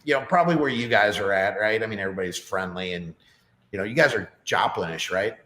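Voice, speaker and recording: Low-voiced rambling man, roomy echo. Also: fast talker, pushed and bright. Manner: rambling, chatty, many fillers. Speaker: podcast guest. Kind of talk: casual chat.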